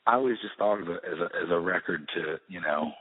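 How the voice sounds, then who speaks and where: A middle-aged musician talking in a casual interview, rambling with many restarts and fillers. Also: male voice, sits low, fast. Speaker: musician guest. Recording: tinny phone-like roomy sound.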